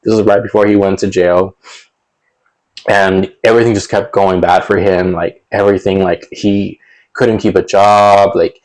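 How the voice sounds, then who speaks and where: Young guy rambling through a storytime, lowish voice, lots of likes and ums, little laughs. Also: level tone, moderate pace, darkish tone, low-quality recording. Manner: rambling, many fillers and restarts; chuckles between sentences. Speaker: storytelling vlogger. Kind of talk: casual storytime monologue.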